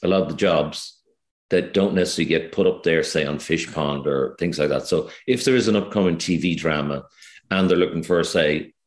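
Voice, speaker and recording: An Irish man with an extremely deep voice chats in an interview. He hedges and restarts often. The room around him rings with echo. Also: brisk. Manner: hesitant, many fillers and restarts. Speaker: guest actor. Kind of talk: casual interview chat.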